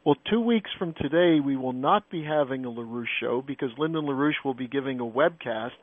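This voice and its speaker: A man's voice: mid-range voice, a little fast, dry recording. A man hosting a political talk radio show, putting pointed questions to his guests. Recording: phone-like narrow band radio sound.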